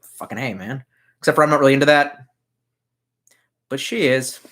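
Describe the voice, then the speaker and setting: Speaking at a moderate pace in a medium-pitched, somewhat bright voice, a young livestreamer goes through chat comments while tipsy. He rambles loosely, and his drunk banter is full of profanity.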